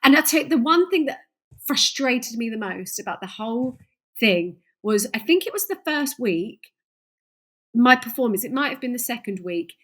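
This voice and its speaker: A woman's voice: a little high, expressive, moderate pace, a bit bright. A woman chatting as a podcast guest, self-deprecating and laughing as she tells her stories. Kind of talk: casual chat.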